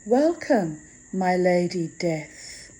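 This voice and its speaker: A woman's voice: mid-range voice, sing-song, takes it slowly, warm tone, poor audio. A woman voicing a stiff, dignified old noblewoman playing hostess in a storybook reading. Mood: formal.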